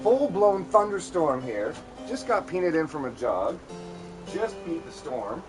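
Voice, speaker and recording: A man's voice: fairly high pitch, very animated, unhurried, over music. A man live streaming from home, chatting loosely and rambling to his viewers. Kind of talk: casual live-stream chat. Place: indoors at home during a thunderstorm.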